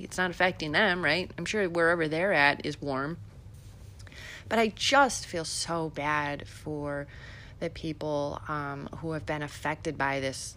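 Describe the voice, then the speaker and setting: A woman's voice: deep voice, a bit bright, slight background noise. A middle-aged woman from Illinois hosting a podcast, giving chatty, sarcastic political commentary with many fillers. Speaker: podcast host.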